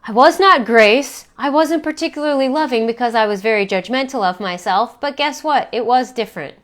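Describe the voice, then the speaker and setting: A woman's voice: fairly high pitch, fairly quick, fairly bright tone. A middle-aged woman coach talking frankly and reflectively about her own struggles, with casual swearing. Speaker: self-help coach. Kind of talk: candid personal vlog talk.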